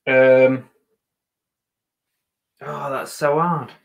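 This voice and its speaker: A man co-hosting a casual live stream, joking along in a halting, stop-start way. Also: mid-range voice, little pitch movement, vocal fry. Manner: jokey, halting, restarts with ums. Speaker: co-host of a reselling live show.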